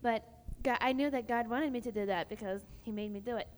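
A woman's voice: fairly high pitch, brisk, a little mellow. A young woman on a youth panel telling a personal story in a chatty way, full of "like". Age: young adult. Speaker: panel speaker. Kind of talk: testimony to a youth audience. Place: large hall at a youth camp. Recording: echoey hall, faint background noise.

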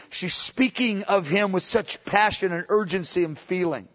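Male preacher, high voice, impassioned teaching with restarts; muffled lo-fi sermon tape. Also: normal speed, fairly bright tone. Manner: impassioned, with many restarts and acted-out quotes. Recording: dull lo-fi sermon recording.

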